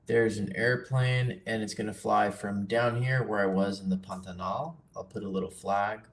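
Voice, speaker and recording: Speaking at a moderate pace with a low, creaky voice, a man leads a laid-back nature journaling livestream, chatting easily and poking fun at himself along the way.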